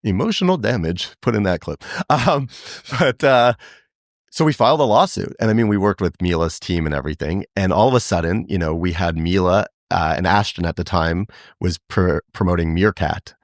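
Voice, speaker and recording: A middle-aged man from Canada, on as a publicist guest, spins lively stories and breaks into laughs as he goes. His voice sits fairly low, close and dry in a studio setting. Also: normal speed, no echo. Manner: animated, laughs through his anecdotes. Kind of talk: casual interview storytelling.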